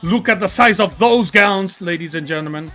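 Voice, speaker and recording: Hyping the ring entrances and joking as he reads out chat names, an Italian-accented man hosts and calls a wrestling show. His voice is high-pitched and a bit bright at normal speed, with faint music in the background.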